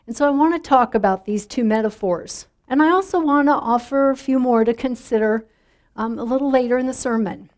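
A woman's voice: on the high side, a little fast, darkish tone. A middle-aged woman pastor preaching a sermon in a conversational way, drawing answers from the congregation. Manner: conversational, inviting congregation responses.

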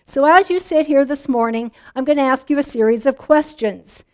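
A woman pastor preaching a sermon in a church, talking conversationally and putting questions to the congregation. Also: normal speed. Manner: drops soft and low when praying.

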